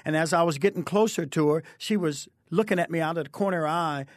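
A male preacher giving an impassioned testimony and altar call, swinging between low and high tones. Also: fast talker, no room sound, clean studio sound.

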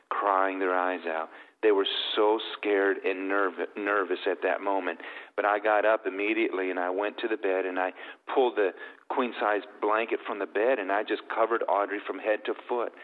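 A middle-aged man, a guest, telling an emotional faith story in an earnest, tender way. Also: on the low side. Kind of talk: emotional testimony. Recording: tinny, phone-like sound with long reverb.

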